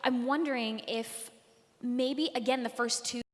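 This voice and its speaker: A woman's voice: a little high, steady tone, measured pace. Upbeat woman coach in a reverberant hall. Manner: enthusiastic, full of "like" and "um" fillers. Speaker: vocal masterclass coach. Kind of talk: live masterclass feedback. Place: stage before a live audience. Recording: long hall reverb, live auditorium.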